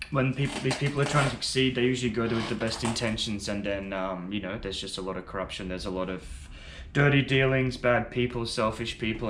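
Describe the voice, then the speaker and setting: A man's voice: on the low side, roomy sound, background noise. A man giving casual, enthusiastic first-reaction commentary on music, rambling a little and swearing now and then. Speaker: music reaction video host.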